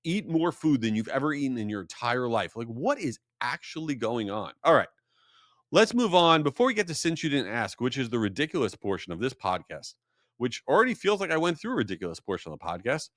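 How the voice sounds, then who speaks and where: A man hosting a podcast, telling a story in an animated, rambling and self-deprecating way. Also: mid-range voice, quick pace, no echo, clean studio sound. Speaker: podcast host. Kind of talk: casual storytelling monologue.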